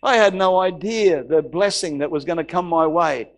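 A middle-aged pastor tells a story from the pulpit, slipping into the voices of the people he quotes. His voice sits a little higher than most men's, and he repeats phrases for emphasis. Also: moderate pace. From Australia. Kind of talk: sermon storytelling.

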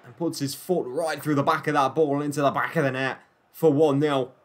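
A man's voice: on the high side, fairly even intonation, brisk. A young man playing a football video game, commentating on the match in a mock broadcast style with joking asides and bursts of frustration. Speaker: gaming YouTuber.

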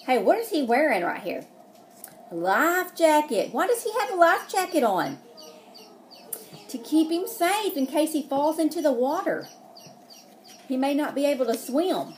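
Animated preschool teacher. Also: female voice, sits high, a little slow, long pauses, a little hiss or hum. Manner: animated, asking the children questions. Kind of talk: reading a picture book aloud to children.

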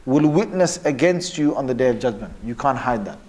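A man teaching a religious lesson who quotes Arabic passages and then explains them in English, pausing often and correcting himself as he goes. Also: medium pitch, animated, a little mellow. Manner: pauses often, with fillers and self-corrections. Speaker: Islamic teacher. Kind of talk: lecture on religious texts.

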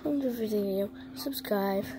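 A woman's voice: medium pitch, moderate pace. A woman playfully narrating her toy play for viewers in a silly, chatty way. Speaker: channel host. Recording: noisy with clicking sounds.

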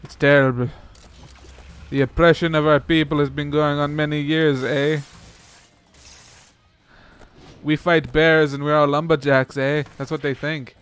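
A man's voice: on the high side, flat delivery, moderate pace, clear, resonant tone, natural voice. A man hamming up a Canadian stereotype. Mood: mock indignant. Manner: tacks "eh" onto every sentence, mock complaining.

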